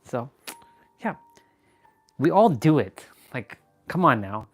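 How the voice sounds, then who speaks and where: A goofy man chatting on a live stream over a phone, joking and laughing at himself. He talks slowly and takes his time between thoughts. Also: mid-range voice, big pitch swings, soft background music. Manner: goofy, joking, self-mocking. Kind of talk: casual live-stream chat.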